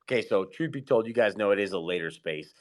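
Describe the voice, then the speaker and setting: A man hosting a casual live audio chat, hyped and excitable, giving slangy shout-outs to his listeners. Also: on the low side, fast. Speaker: host of an online audio space.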